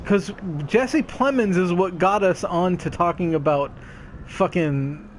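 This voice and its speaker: A man's voice: sits high, slow. A young man co-hosting a comedy stream, rambling and laughing often. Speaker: podcast co-host. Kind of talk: casual comedic chat. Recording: faint background noise.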